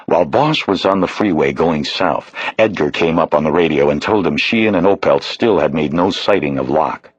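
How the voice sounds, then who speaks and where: Low, husky male audiobook narrator. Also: moderate pace, few pauses, no room sound, rough recording. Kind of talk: scripted narration.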